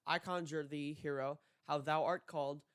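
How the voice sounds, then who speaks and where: A stern giant knight speaking in old, formal English, voiced by a young man reading aloud. The tone is clear and a touch high, with a dry close sound. The reading is halting, with restarts on hard words. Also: steady tone, fairly bright tone, no room sound, lightly acted. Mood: solemn. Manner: archaic formal speech, read with frequent stumbles.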